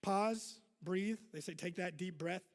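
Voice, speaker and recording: A man's voice: sits high, measured pace, big-room sound. A male pastor giving a casual sermon to his congregation, chatty and self-deprecating, full of fillers and asides. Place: church hall.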